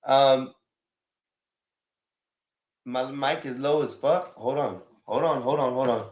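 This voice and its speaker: A man's voice: mid-range voice, slow pace, darkish tone. A man hosting a casual livestream and talking to his chat, often exasperated, with a lot of swearing. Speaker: livestream host. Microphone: phone.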